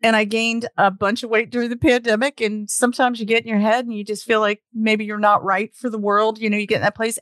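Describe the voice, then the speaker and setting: A woman's voice: medium pitch, a bit bright, no echo, clean studio sound. A woman with a Southern US accent, a storytelling guest talking enthusiastically in a casual podcast chat over a call. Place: home, remote call.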